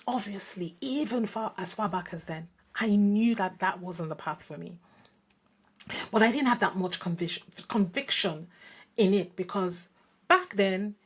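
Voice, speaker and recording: A woman's voice: medium pitch, a little slow, breathy edge. A woman from Nigeria hosting a podcast, telling a personal story in a reflective way with frequent restarts and asides. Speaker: podcast host.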